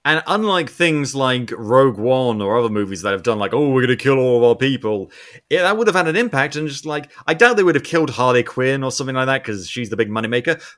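Animated young man recapping a movie. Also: medium pitch, fast talker, few pauses. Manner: animated, swears, acts out characters' lines. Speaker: podcast co-host. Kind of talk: casual movie recap chat.

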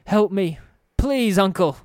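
A man voicing a terrified young male thug who stammers and wails in panic, high above his own pitch. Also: expressive, slow, a little mellow, no room sound, studio quality. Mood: begging.

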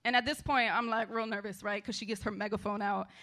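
A woman's voice: mid-range voice, steady tone, fast talker, pushed and bright. A woman telling a true story on stage in a chatty, laughing way, full of "like" and "right". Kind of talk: live storytelling performance.

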